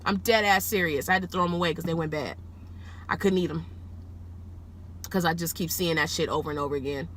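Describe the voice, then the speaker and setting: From the driver's seat, a woman who drives rideshare narrates a story for the camera, fairly quickly but with long pauses. She's casual and animated, curses freely, and shoots up in pitch when excited, with slight noise in the background.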